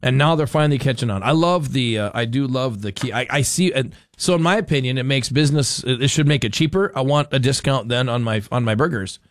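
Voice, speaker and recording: A man's voice: medium pitch, quick pace, few pauses, dry recording, studio quality. A man hosting a radio talk show, chatting in a rambling, opinionated way full of fillers and restarts.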